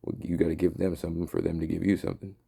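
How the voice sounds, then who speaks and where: A man's voice: deep voice, little pitch movement, very fast, vocal fry, mellow, slightly rough. A man delivering a heated, profane, rambling rant in a monologue. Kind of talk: ranting monologue.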